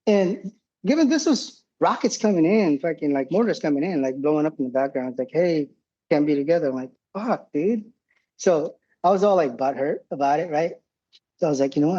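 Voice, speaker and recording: A man in his forties tells rambling, profane war stories as a podcast guest, laughing often. His voice sits fairly high but sounds dark and husky. The audio is dull and lo-fi. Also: lively intonation, brisk. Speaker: podcast guest, former combat medic. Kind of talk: casual war storytelling.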